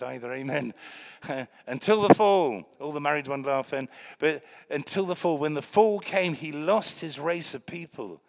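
A middle-aged man from Wales, a pastor preaching a sermon and telling stories with loud acted outbursts. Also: mid-range voice, creaky. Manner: animated storytelling, bursts of loud acted voices.

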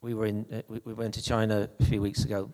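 A man preaching an anecdotal sermon in a conversational, halting way, with frequent restarts. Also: on the low side, level tone, warm tone, big-room sound.

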